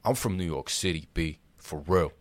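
A man's voice: low voice, moderate pace, dry recording, lightly acted. A young man doing a brash older New York hustler.

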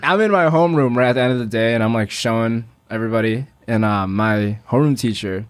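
Young man telling a halting, laughing story. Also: medium pitch, clear, resonant tone. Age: young adult. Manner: laid-back, halting storyteller who laughs while talking. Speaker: podcast co-host. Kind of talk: casual chat.

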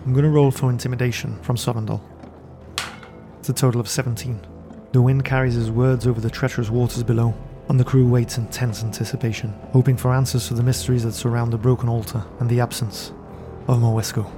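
A man narrating a fantasy tabletop game as game master and podcast host, telling the story in a measured way from a studio. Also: medium pitch, little pitch movement, over music. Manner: measured storytelling, then chatty sign-off.

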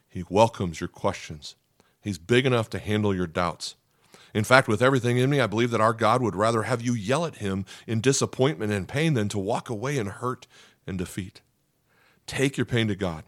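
A man's voice: fairly low pitch, dry recording, studio quality. A man preaching a sermon as a pastor, earnest and emphatic, often checking in with "okay?".

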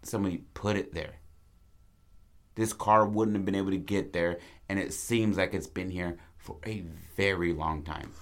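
A man with a deep, low voice talks through film ideas in a loose, casual chat. He gets animated as he plans scenes, and he acts out the characters' lines in quick bursts. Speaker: co-writer planning a film.

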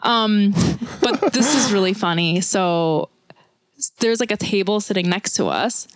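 Woman on a podcast, chatty animated storyteller, dry close sound. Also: mid-range voice, unhurried, no echo. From Korean family. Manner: animated storytelling with lots of "like" and laughter. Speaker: podcast co-host. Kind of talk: casual chat.

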